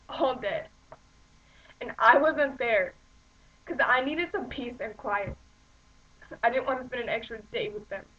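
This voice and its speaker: A woman's voice: fairly high pitch, muffled recording, lightly acted. A woman reading a monologue as a young woman who lost her whole family, desperate and close to tears. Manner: desperate, pleading, on the edge of tears.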